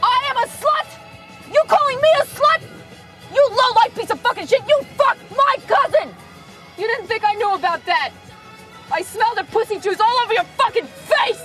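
A shrill, furious young girlfriend. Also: moderate pace, bright, forceful tone. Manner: shrill, screaming insults. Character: furious young woman fighting her boyfriend. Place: inside a car. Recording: film clip with faint music.

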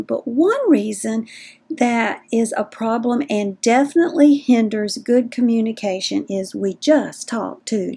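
A woman's voice: on the high side, vocal fry, dark tone, breathy edge. A middle-aged woman with a Southern American accent, hosting a podcast in a folksy, chatty way. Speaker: podcast host. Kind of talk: casual podcast talk.

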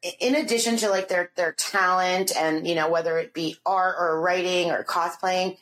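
A woman's voice: fairly low pitch, steady tone, moderate pace, a bit bright. A woman co-hosting a podcast, speaking earnestly in casual chat. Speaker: podcast co-host.

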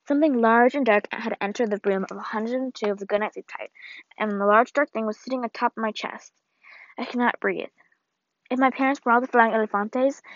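A woman reading a first-person storybook aloud in an expressive, wry way, on a dull, lo-fi recording. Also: a little high, moderate pace, no echo. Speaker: audiobook narrator. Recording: dull, lo-fi dry read.

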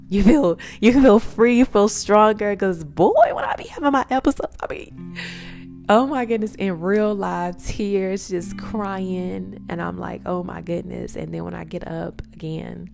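Low-voiced woman preaching self-healing over guitar. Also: measured pace, creaky. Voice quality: emphatic, swings between hushed and loud. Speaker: podcaster sharing personal testimony. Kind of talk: unscripted motivational monologue. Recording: guitar music playing under voice.

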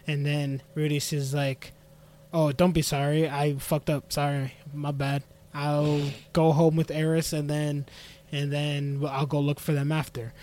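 A man co-hosting a casual anime podcast, telling the plot in a loose run-on way with plenty of "and then he's like". His voice sits a little higher than most men's, and he slips into short quoted lines for the characters as he goes. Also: flat delivery, a little mellow. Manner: rambling retelling with quick voiced quotes. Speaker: podcast co-host. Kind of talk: casual anime recap chat.

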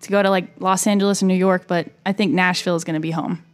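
A woman in her twenties, a singer-songwriter, chatting quickly and brightly as an interview guest. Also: fairly low pitch, fairly even intonation, clean tone. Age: 20s. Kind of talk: casual interview chat.

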